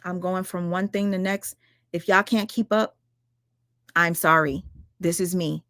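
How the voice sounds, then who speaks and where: A woman ranting on her livestream, firing rhetorical questions at her viewers, swearing often and talking fast and emphatically. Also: lowish voice, fairly even intonation, fairly bright tone, dry recording, clean studio sound. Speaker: livestream commentator. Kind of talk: heated livestream rant.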